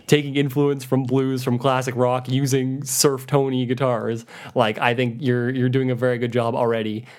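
A man's voice: medium pitch, little pitch movement, moderate pace, a little mellow. Enthusiastic guitar-nerd man co-host. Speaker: podcast co-host. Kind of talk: casual music discussion.

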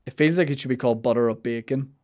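A young man chatting as podcast host at a middle pitch. He rambles, restarts his sentences and drifts into playful asides while he answers listener questions. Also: fast talker, darkish tone.

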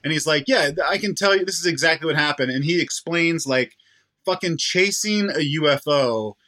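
A man chatting on a podcast, excitable, laughing often and swearing a lot. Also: a little high, moderate pace. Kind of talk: casual chat.

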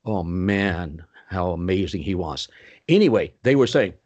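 An older man telling stories as an interview guest, animated, with sudden pitch swoops. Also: measured pace. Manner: puts on Southern voices for quoted people. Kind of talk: storytelling in a podcast interview.

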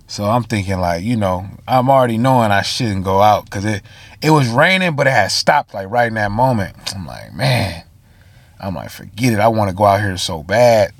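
A man's voice: fairly low pitch, animated, moderate pace, vocal fry, no echo. A tired man, telling a story on a casual solo podcast with slang, fillers and asides to listeners. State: tired, yawning. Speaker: podcast host.

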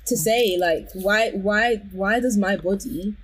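A woman talking in a casual chat, animated and quick, tossing in slang. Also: mid-range voice, husky. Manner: animated, quick, exclamatory, says "bro".

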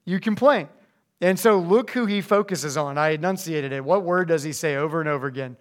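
A young man giving a casual, animated sermon to high school students, slipping into voices as he reads scripture. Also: fairly quick. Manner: animated, conversational, acts out voices when reading scripture. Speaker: youth pastor. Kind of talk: youth sermon.

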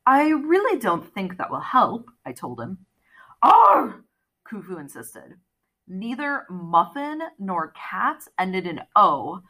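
A woman's voice: mid-range voice, pushed and bright. A woman reading a story aloud as audiobook narration, telling it expressively and acting out the characters' lines. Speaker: audiobook reader.

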